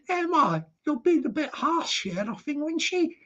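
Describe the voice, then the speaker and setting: A man's voice: very high voice, bright, forceful tone. Rambling live-stream host man, lo-fi sound. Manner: rambling, repeats words, laughs often. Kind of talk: casual live stream chat. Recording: dull lo-fi stream audio.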